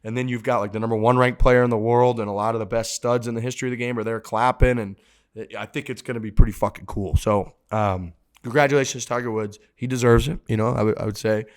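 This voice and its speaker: A man's voice: medium pitch, fairly even intonation, fast talker. A man co-hosting a podcast, telling stories in loose, profane banter. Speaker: podcast co-host.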